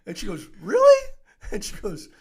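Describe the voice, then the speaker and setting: A middle-aged man telling stories as an interview guest, animated and laughing often, full of fillers and restarts. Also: fairly high pitch, normal speed, a crowd in the background. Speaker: podcast guest, author. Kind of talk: casual interview storytelling.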